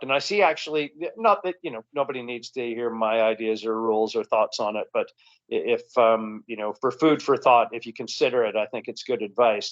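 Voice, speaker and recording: A man with a Canadian accent, a comedian chatting as a guest in an interview, rambling and relaxed with frequent restarts. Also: mid-range voice. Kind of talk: casual interview chat. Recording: dull lo-fi recording.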